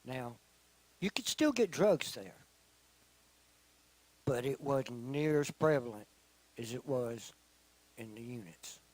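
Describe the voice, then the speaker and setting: A middle-aged man tells his testimony before a church in a measured, unhurried voice. His delivery is earnest and plain, and he often sinks to a soft, quiet tone for the heavy moments. His pitch sits in an ordinary middle range. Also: lively intonation, low-quality recording. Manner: slow, earnest storytelling with quiet, soft-spoken stretches. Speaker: testimony speaker.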